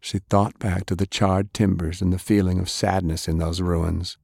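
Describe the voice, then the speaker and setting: A man narrates an audiobook in a measured, storytelling way. His voice is very deep and gravelly, with a husky texture. The recording is dry and close. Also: little pitch movement, darkish tone, dry recording. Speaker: audiobook reader. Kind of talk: scripted narration.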